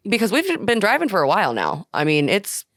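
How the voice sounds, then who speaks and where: A woman co-hosting a podcast, recounting a road trip in animated casual chat and laughing often. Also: medium pitch, fairly quick, no room sound, studio quality. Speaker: podcast co-host.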